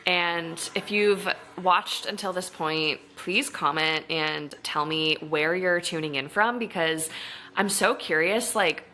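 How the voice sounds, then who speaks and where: A woman's voice: lowish voice, takes it slowly, sharp tone, a little hiss or hum. A young woman chatting casually to the camera in a home vlog, bubbly and full of "like". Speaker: vlogger. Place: at home, kitchen and bedroom.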